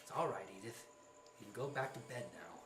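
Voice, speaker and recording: A flustered, stammering gentleman, as a woman plays him in a very low voice, polite but exasperated. The sound is echoey, with music in the background. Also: expressive, a little fast. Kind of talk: amateur stage play performance.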